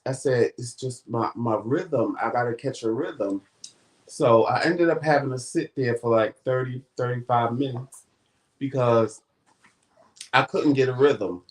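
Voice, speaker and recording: A man hosting a vlog, casually retelling a story and acting out the quoted dialogue. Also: medium pitch. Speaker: vlog host.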